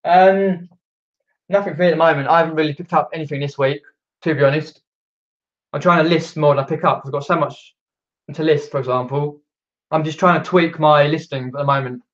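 Streaming live from downstairs at home, this British man talks a little fast in a slightly high, fairly bright voice with a steady tone. He reads out viewer comments and rambles, full of fillers and false starts, and the camera-mic recording sounds muffled.

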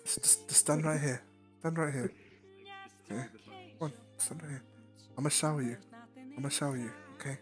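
A man putting on a hushed ogre. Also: on the high side, steady tone, moderate pace, pauses often, soft background music, close to an everyday voice. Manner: hushed, coaxing, lewd. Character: crude flirty male swamp ogre. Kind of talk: VR game role-play.

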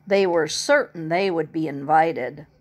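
A woman's voice: low-pitched, measured pace. Woman reading a picture book to a toddler. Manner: gentle, chatty asides to the child. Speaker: parent reading aloud to a small child. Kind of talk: picture-book read-aloud.

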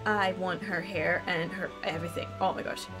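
A woman's voice: fairly low pitch, steady tone, normal speed. A woman from Germany, gushing through live game commentary and reading the dialogue aloud. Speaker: streamer. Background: game music.

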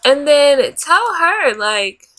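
High bright-voiced woman gaming host. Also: big pitch swings, very slow. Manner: dramatic, bossing and scolding the game characters. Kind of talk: let's play commentary. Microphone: desk USB microphone.

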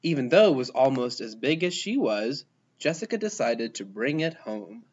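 A man reading a children's picture book aloud, expressive and playful, giving the characters their own voices. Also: medium pitch, moderate pace, lo-fi sound, noisy background. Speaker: storybook reader.

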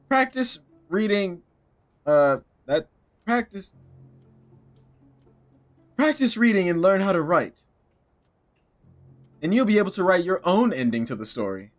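A man voicing a sly older village woman in a video game, reading a fairy tale in a theatrical, drawn-out way. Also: high-pitched, sing-song, a bit bright, soft background music, heavily acted.

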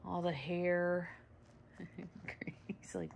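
A woman with a slightly low voice talks in a loose, rambling vlog style, addressing her viewers and then cooing at her dog. She sounds like she is filming herself indoors at home on a nearby camera, with a faint hiss behind her. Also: a little slow, muffled recording. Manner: chatty and rambling, coos at the dog. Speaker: dog owner and channel host. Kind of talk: casual vlog talk while grooming a dog. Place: indoors at home, sunny room by windows. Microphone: camera set up nearby.

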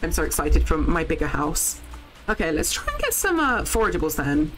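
Young woman, casual game streamer, lowish voice with very animated pitch, excitable and sweary. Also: a little fast, over music, rough recording. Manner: excitable, swears freely, chats to viewers. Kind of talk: casual live game commentary.

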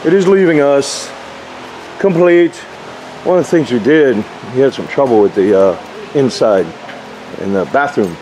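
Brief: working roofer, mellow, folksy, chatty, faint hiss behind. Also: male voice, medium pitch, animated, measured pace, long pauses, rough recording. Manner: folksy, rambling, lots of fillers. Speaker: RV roof installer. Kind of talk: casual job-site walkthrough.

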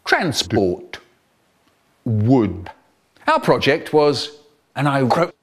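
A man telling comic anecdotes from childhood in an animated way, acting out the voices of people in his stories. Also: drawn-out words, pauses often. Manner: animated, leaps in pitch, acts out voices.

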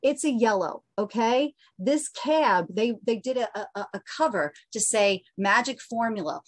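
A woman's voice: fairly high pitch, expressive, a little slow, few pauses, dry recording. Woman pleading her case at a council hearing on a video call, earnest, stumbles a bit. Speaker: public testifier. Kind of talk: impassioned public testimony.

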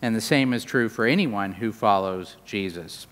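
A man preaching a sermon in a church, animated, with wide swings in pitch and volume. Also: moderate pace. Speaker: pastor. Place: large church sanctuary. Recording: long hall reverb.

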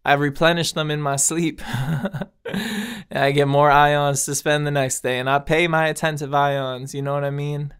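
Solo podcast host, man, smooth clear voice, earnest and slangy, chuckles between thoughts. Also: on the high side, flat delivery, normal speed, few pauses, a bit bright. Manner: earnest, laughs often, slangy asides to listeners. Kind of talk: casual spiritual monologue.

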